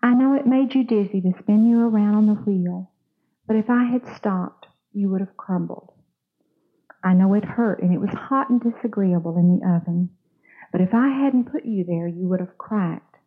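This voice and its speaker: A patient, gentle male potter calmly explains his work in a woman's telling. The sound is thin and phone-like. He speaks as a simple figure in a spoken parable. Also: medium pitch, moderate pace, husky, lightly acted. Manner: calm, explaining.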